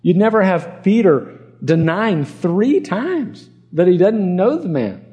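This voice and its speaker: A man's voice: high-pitched, big pitch swings, takes it slowly, mellow, lo-fi sound. A male pastor from Arkansas preaching a conversational sermon and acting out the people in the passage.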